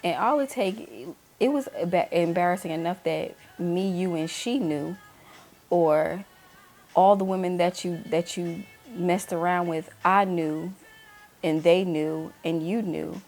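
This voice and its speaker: A woman in her thirties who hosts her own talk channel candidly shares a personal story, performing the voices of the people she quotes. Her voice is lowish and darkish in tone, and she speaks a little slowly.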